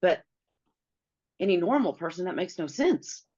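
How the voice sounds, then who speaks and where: A woman's voice: on the low side, sing-song, normal speed, warm tone, breathy edge, muffled recording. A middle-aged woman, a guest in an interview, earnestly telling a personal story and acting out the dialogue she quotes.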